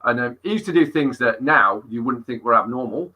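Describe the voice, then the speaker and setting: A middle-aged fitness coach tells gym stories in an animated, sweary podcast chat. His voice is forceful and tense, with a husky edge. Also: medium pitch, a little fast, rough recording. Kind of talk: casual interview storytelling.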